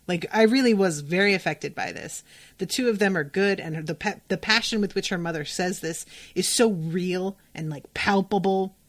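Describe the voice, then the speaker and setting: A woman podcast host giving a chatty, enthusiastic recap of a TV episode. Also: fairly low pitch.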